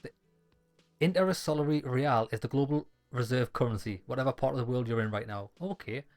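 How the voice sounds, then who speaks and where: A man's voice: medium pitch, a little fast, a little mellow, soft background music. A man playing a dialogue-heavy game, reading the lines aloud and adding wry jokes. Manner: wry, joking asides between read lines. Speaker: gaming YouTuber.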